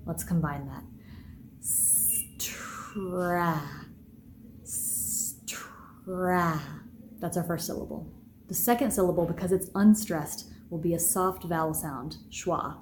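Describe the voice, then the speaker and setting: A woman teaching pronunciation in a podcast lesson, saying each sound slowly and deliberately. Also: low voice, a little mellow, slight background noise. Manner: slow, deliberate, carefully enunciated sounds.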